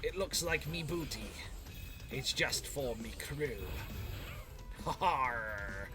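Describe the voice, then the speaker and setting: A man voicing a swaggering male pirate captain with a gruff growl. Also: medium pitch, animated, very slow, music in the background. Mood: boastful.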